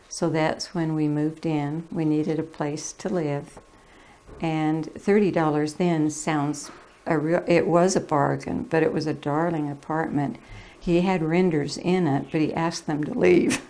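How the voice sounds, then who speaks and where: A woman's voice: deep voice, warm tone. A woman in her eighties fondly recalling family life in a chatty manner. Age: 80s. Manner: fond, chatty, laughing. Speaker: family elder interviewee. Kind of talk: oral history reminiscence.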